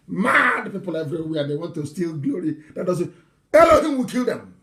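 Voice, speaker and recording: A man giving a live political broadcast, mocking and animated, swinging between loud outbursts and low asides. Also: a little slow. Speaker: broadcaster addressing followers.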